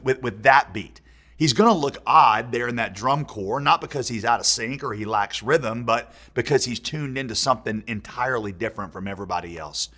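A pastor preaches a sermon conversationally in a medium-pitched, bright, forceful voice. He often restarts his sentences and poses rhetorical questions.

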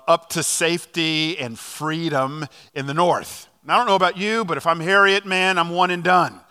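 A man preaching a sermon as a pastor, telling a story with lively restarts and fillers. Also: fairly high pitch, clean tone. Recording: long hall reverb.

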